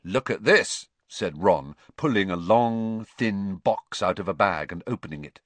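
A man's voice: sits low, a little slow, dry recording. A man narrating an audiobook expressively and switching into voices for the characters.

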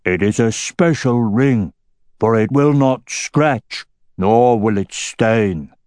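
A man voicing a proud, hearty middle-aged dwarf king who speaks slowly and declaims each word. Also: medium pitch, a little mellow, dry recording, studio quality, close to an everyday voice. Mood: warm, proud.

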